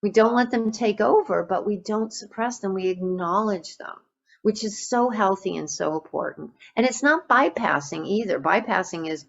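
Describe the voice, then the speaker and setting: A woman meditation teacher giving a Buddhist dharma talk in a gentle, reflective way, with frequent fillers and restarts. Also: medium pitch, normal speed, creaky, dull audio.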